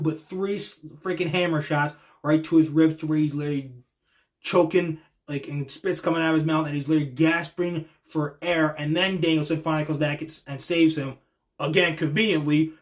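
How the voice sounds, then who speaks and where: Excitable young man reacting to wrestling. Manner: excitable, acts out wrestlers in high voices; slangy, swears casually. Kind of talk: casual reaction commentary.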